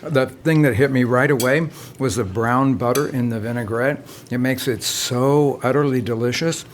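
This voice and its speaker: A man's voice: mid-range voice, moderate pace, slight background noise. A middle-aged man, a chef co-hosting a casual food podcast, talking with enthusiasm and laughing often. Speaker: co-host, chef.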